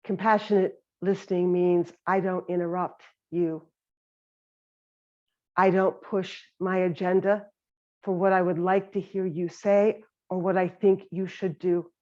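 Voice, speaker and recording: Slow, gentle woman giving a meditation talk. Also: on the low side, flat delivery. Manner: gentle, unhurried, reflective. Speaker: meditation teacher. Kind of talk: reflective dharma talk. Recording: slightly dull lo-fi sound.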